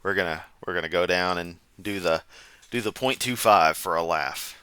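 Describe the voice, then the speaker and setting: A man's voice: low-pitched, moderate pace, sharp tone, clean tone, dry recording. A man hosting a comedic reaction commentary, sarcastic, mocking and profane. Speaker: commentary channel host.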